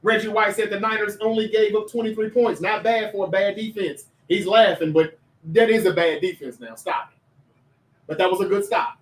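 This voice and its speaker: A high-pitched man hosts a casual sports talk livestream in an animated, chatty way, talking straight to his viewers. His voice sits a little back from the mic and rings in an echoey room. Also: normal speed, far from the mic. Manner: animated, chatty, reads viewer comments aloud and addresses chat directly.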